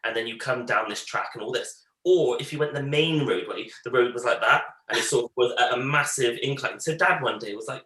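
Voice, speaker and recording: A man in his thirties spins family stories in easy, rambling chat. His voice is bright and ringing, and the room around him echoes noticeably. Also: medium pitch, fairly quick. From Bristol, England. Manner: animated anecdotes, acts out family quotes. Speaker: podcast co-host. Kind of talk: casual storytelling chat.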